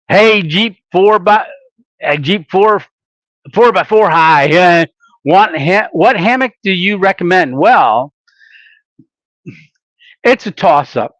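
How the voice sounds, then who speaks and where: Male live-stream host with a slightly high voice, casual and rambling, full of filler sounds. Dry, muffled lo-fi sound. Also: lively intonation, slow, long pauses, fairly bright tone, no echo.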